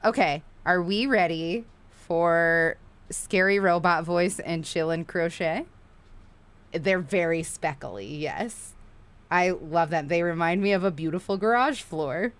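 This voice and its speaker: A woman's voice: on the low side, slow. Chatty, swearing woman streamer. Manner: chatty, profane, excitable. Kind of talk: casual live-stream chat while crocheting.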